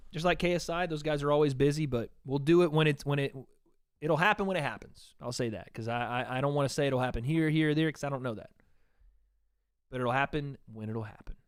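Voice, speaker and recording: Chatty male livestream host, smooth voice. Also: a little high, fairly quick, no echo, studio quality. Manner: chatty, reads donations aloud, talks to chat. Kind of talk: casual livestream chat.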